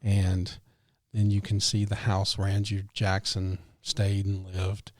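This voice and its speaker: A man's voice: on the low side, completely flat delivery, takes it slowly, a little mellow, dry recording, studio quality. A man co-hosting a podcast, telling a story in casual chat with enthusiasm and frequent "you know"s. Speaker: podcast co-host.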